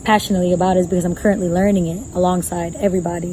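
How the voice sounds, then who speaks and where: A woman's voice: fairly low pitch, flat delivery, very fast, background noise. A woman guest talking passionately in a casual outdoor conversation, acting out her own inner voices and swearing freely. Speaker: podcast guest. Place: outdoors in a gazebo.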